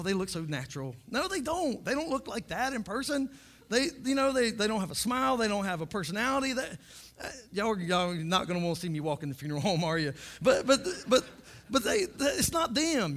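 High-voiced joking pastor. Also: male voice, a bit bright. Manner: joking, repeats words when starting sentences. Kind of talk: humorous sermon.

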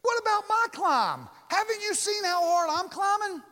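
A man's voice: very high-pitched, sing-song, normal speed, pushed and bright, in a large hall, voice pushed up, exaggerated voice. A man voicing a jealous male churchgoer who complains in a pleading, indignant way. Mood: whiny, indignant.

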